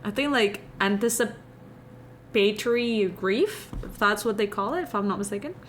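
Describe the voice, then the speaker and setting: Young woman streamer, Indonesian accent, mid-pitched, rambling and confiding with her viewers, faint room hum behind. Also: a little slow. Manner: meandering, confiding, chatty with viewers. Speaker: livestreamer. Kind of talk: casual live-stream chat.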